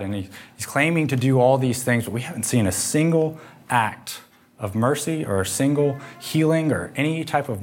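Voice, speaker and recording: A man's voice: medium pitch, slight background noise, close to an everyday voice. A man voicing scheming officials murmuring urgently. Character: scheming male temple officials plotting.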